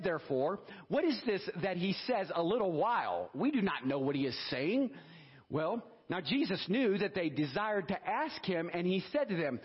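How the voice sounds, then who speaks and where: A husky-voiced man preaches with fervor, his pitch sitting high and swinging widely as he reads scripture and calls out praise. The sound is dull and lo-fi, like a church service taped on modest gear. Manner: fervent, animated preaching with exclamations. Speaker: pastor. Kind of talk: sermon.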